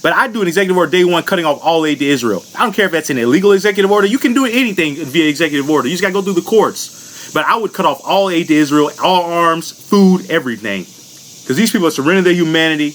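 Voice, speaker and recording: A man from the United States vents in a furious, foul-mouthed monologue on his own channel. His voice sits somewhat high for a man, and he talks bluntly, piling up curses without holding back. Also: animated, quick pace, fairly bright tone, a little hiss or hum. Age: adult. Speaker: vlogger. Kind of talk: angry political rant.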